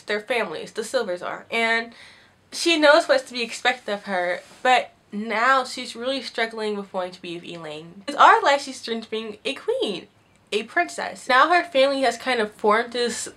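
A young woman casually reviewing a book on video, chatty and animated, with lots of fillers and quick laughs. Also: fairly high pitch.

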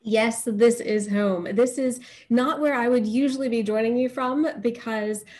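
A woman from Northeast Texas, a wine expert, speaking warmly and articulately with frequent ums on a video call from her bedroom at home. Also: on the high side, steady tone, measured pace. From Northeast Texas, USA. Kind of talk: live video interview.

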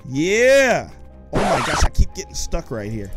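A young man giving excited let's-play commentary while gaming, often shouting and taunting the monsters. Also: a little high, unhurried, music in the background. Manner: animated, shouts and taunts in-game enemies. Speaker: gaming YouTuber.

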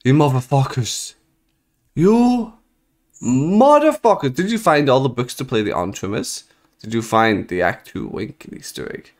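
A young man giving jokey, excitable commentary while playing a horror game, swearing when startled. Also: medium pitch, moderate pace. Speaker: gaming video creator.

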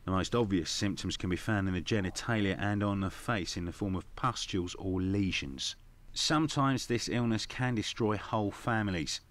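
A man voices a grave Victorian doctor in a video game, with a fairly low voice and a lecturing manner. His tone stays sober throughout. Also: lightly acted.

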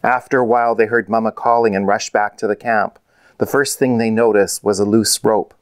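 A man, the author, reading his children's storybook aloud in a measured, clear way. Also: lowish voice, steady tone, no echo.

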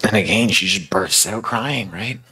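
A man's voice: lowish voice, normal speed, sharp tone, breathy edge. A male preacher retelling a story in a sermon, conversational and dramatic, with casual fillers.

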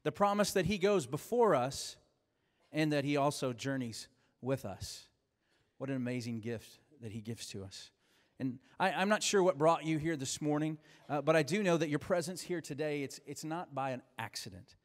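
A man's voice: fairly high pitch, animated, normal speed, long reverb tail. A male pastor preaching a sermon in a church sanctuary, conversational, with small restarts.

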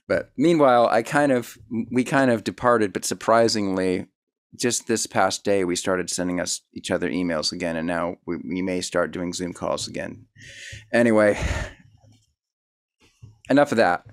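A man's voice: sits low, moderate pace, clear, resonant tone. A man hosting a casual interview, rambling and self-deprecating, full of fillers and restarts. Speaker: host.

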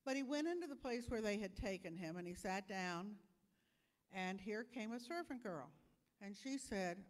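A woman telling a children's sermon, animated and explaining things for little kids, in a church sanctuary. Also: mid-range voice, normal speed. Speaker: children's message speaker. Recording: long church reverb.

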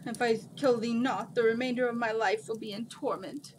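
An ancient male jinn from a storybook, grand and formal, speaking in old-fashioned pronouncements as a woman reads him aloud. The voice sits fairly high for a man and carries a faint hum of room noise behind it. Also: steady tone, normal speed, darkish tone, lightly acted, rough recording. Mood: grandiose. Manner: archaic speech, grand declarations.

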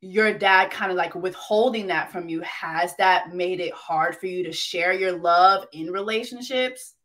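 Animated, teasing woman hosting an interview. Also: fairly low pitch, unhurried. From Haitian immigrant family. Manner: animated, teasing, emphatic with repetition. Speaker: host. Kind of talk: casual interview chat.

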